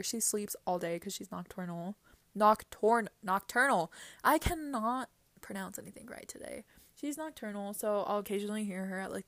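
A woman's voice: medium pitch, dry recording. A young woman hosting a casual solo podcast, chatty and giggly, rambling with lots of fillers. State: teary-eyed. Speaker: podcast host.

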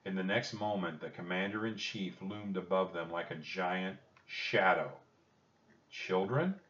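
A man narrating a children's storybook in a calm, measured reading. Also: low-pitched, recorded from a distance, dull audio.

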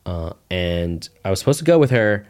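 In a casual interview, a man tells his personal testimony as a guest, relaxed and rambling with plenty of "like" fillers. His deep voice has a clean tone and a moderate pace.

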